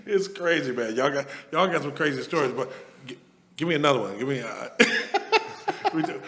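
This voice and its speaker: A man hosting a casual podcast, relaxed and easygoing. He mostly reacts briefly and nudges his guests along. His voice carries a long reverb. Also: mid-range voice, normal speed. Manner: relaxed, prompts with short reactions. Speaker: podcast host.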